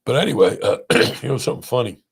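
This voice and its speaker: A man's voice: mid-range voice, fast talker, vocal fry, breathy edge. A middle-aged man, a pain doctor hosting a podcast, telling stories in casual chat and acting out the people he quotes. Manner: animated, acts out quoted voices.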